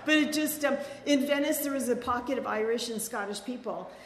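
A woman's voice: a little high, a little fast, a crowd in the background. A middle-aged woman giving a rambling, chatty personal testimony at a recovery meeting, full of "like" and "um". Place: meeting hall. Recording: echoey hall, faint background noise.

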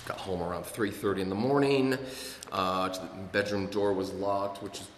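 A man shares his personal testimony at a recovery meeting, telling his story in a rambling way with many fillers and wry humor. His voice is low and steady at a normal speed, and the echoey hall adds long reverb, faint ambience, and slight background noise.

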